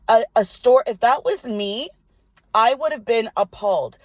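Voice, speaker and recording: A woman's voice: a little high, moderate pace, dry recording. Indignant older woman telling a story. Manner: animated, indignant storytelling with swearing. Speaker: tarot reader. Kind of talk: casual storytelling vlog. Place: parked car.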